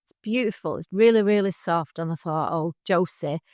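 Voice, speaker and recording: A woman's voice: medium pitch, fairly quick, clear, resonant tone, no echo. Woman, middle-aged, casual podcast chat, laughs often, dry close sound. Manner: chatty, laughs often, animated storytelling. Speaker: podcast co-host.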